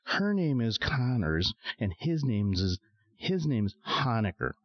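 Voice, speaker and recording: A man's voice: mid-range voice, very animated, takes it slowly, no echo, pitched above the performer's own voice. A man voicing a chatty, nosy middle-aged woman in an audiobook reading, his voice raised for her. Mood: eager. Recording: dry, dull lo-fi sound.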